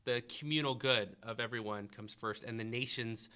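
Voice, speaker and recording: A history teacher hosts a review podcast, questioning a student and encouraging the answers while thinking aloud. His mid-range voice moves at normal speed, pushed and bright, with a clean tone.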